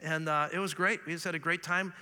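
Pastor, male, high bright voice, lively storytelling sermon, long hall reverb. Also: a little fast, clean tone. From Canada. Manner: earnest, animated storytelling with humor.

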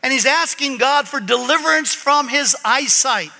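Male pastor, sermon, animated delivery, very high and sharp-toned voice, hall echo. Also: moderate pace, gravelly. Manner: animated, swings from loud emphasis to quiet asides. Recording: long hall reverb.

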